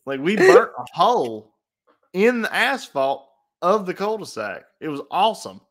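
A man's voice: high voice, huge pitch swings, unhurried. A young man co-hosting a casual podcast, blunt and crude, often restarting his sentences. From North Carolina. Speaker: podcast co-host. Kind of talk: casual chat.

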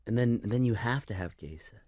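A man's voice: medium pitch, quick pace, no echo. Teasing man with a dry voice. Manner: teasing, deadpan ribbing. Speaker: podcast co-host. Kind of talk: casual comedic chat.

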